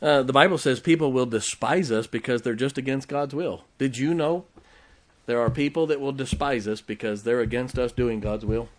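A man's voice: medium pitch, moderate pace. A man preaching a sermon as pastor, emphatic, with rhetorical questions, joking asides and check-ins with the congregation.

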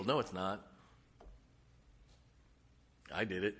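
Older preacher man, bright, echoing hall. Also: expressive, measured pace. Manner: emphatic, swings from booming declarations to quiet wry asides. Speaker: pastor. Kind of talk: sermon. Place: church sanctuary. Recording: long hall reverb.

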